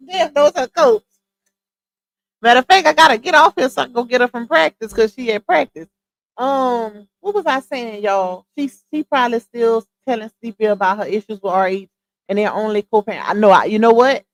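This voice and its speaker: A woman's voice: on the high side, normal speed. A young adult woman hosting a casual livestream, talking bluntly in slangy gossip about online drama. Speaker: livestream host.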